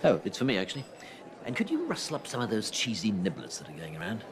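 An actor playing a haughty snob who makes pompous, sneering quips, heard as a film clip. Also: male voice, fairly low pitch, wildly swooping pitch, fast, music in the background. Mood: scornful. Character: haughty snobbish Englishman mocking the French. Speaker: film character. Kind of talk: film dialogue. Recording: noisy film clip audio.

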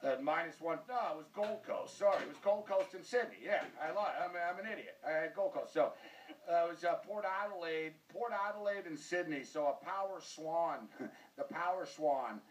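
Rambling North American sports show host. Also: male voice, high-pitched, fairly quick, far from the mic, a little hiss or hum. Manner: rambling, joking, self-mocking. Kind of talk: casual sports talk show.

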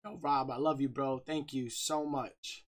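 Upbeat man streamer shouting out viewers. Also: medium pitch, fairly even intonation, a little slow. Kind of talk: casual livestream chat.

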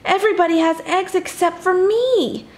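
A woman reading aloud as a lonely, eager male jackdaw in a children's storybook, speaking in a plaintive, raised voice. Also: normal speed. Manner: plaintive, pitched up.

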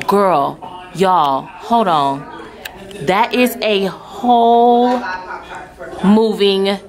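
Unhurried, chatty woman vlogger over music. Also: mid-range voice. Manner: chatty and expressive, breaks into loud alarmed exclamations. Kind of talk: casual vlog chat.

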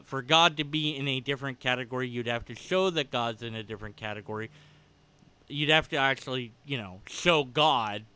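A man's voice: mid-range voice, pushed and bright, smooth. A man giving a casual commentary rebuttal, argumentative and sarcastic, laughing at times. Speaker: video creator responding to a critic.

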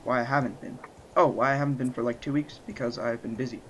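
A man chatting casually over gameplay as the channel host, excitable and jokey, breaking into loud shouts. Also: medium pitch, fast talker.

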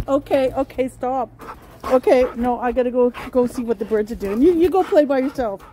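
High, mellow-voiced woman cooing at pets. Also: slight background noise. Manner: sing-song baby talk to pets, excited cheers. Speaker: pet vlogger. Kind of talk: casual home vlog. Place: home with pets, partly outdoors in snow.

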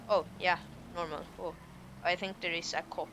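A man with a high-sitting voice speaks in a level tone at normal speed while streaming a role-play game as a garbage collector. He playfully switches between put-on accents in slightly broken English, with background noise behind him.

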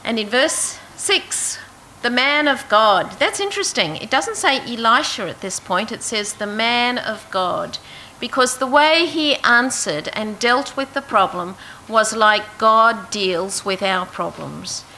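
A woman leads an interactive Bible lesson, reading verses and putting questions to her listeners. Her voice is bright and sits a little high. A faint hum of room ambience runs behind her. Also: animated, a little slow, low-quality recording. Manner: asks the audience questions, reads verses aloud. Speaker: preacher.

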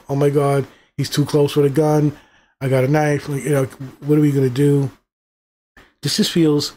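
Middle-aged male reviewer, fairly high voice, swearing and rambling through an exasperated rant. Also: a little mellow. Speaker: movie reviewer. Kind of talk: casual ranting review.

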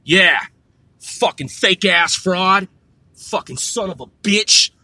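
Brash high-voiced swearing man. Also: expressive, slow pace, sharp tone, slightly rough, no echo. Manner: brash, trash-talking, swears constantly, drawls "man". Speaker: vlogger. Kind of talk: profane boastful rant to camera.

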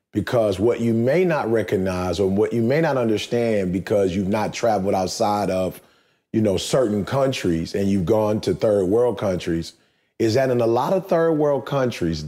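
A man's voice: on the low side, warm tone. A man hosting a podcast, talking in an emphatic, preachy way and repeating phrases for stress. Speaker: podcast host. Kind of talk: casual podcast chat.

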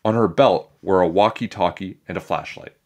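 A man reading a children's chapter book aloud in a playful, animated storytelling manner. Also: low-pitched, normal speed. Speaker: storybook reader.

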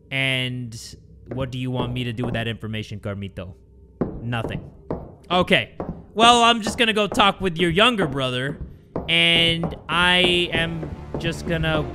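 A man hosting horror game commentary, excitable and swearing, jumping between mutters and sudden yelps. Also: fairly high pitch, normal speed, over music. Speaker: gaming video host.

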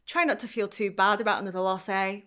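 A woman reading the lines of a smug young man who smoothly taunts his rival. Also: medium pitch, steady tone, fast, sharp tone, lightly acted. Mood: taunting.

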